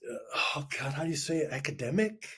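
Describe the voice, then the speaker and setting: Wry older storyteller with husky voice. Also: male voice, a little high, lively intonation, fast talker, fairly bright tone. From Wisconsin. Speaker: guest folklorist and storyteller. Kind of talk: casual interview chat.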